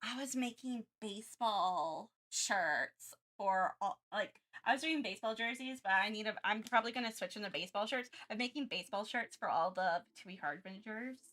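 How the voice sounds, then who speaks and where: Bright-voiced young woman rambling casually. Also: medium pitch, normal speed, few pauses. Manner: rambling, self-mocking, many fillers and restarts. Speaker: art streamer. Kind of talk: casual chat while drawing.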